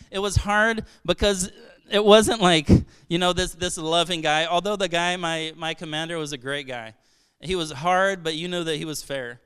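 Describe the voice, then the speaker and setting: Earnest man preaching, high clear voice. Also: pushed and bright. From Brazil. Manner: earnest, conversational preaching with frequent restarts and rhetorical questions. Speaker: pastor. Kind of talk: sermon.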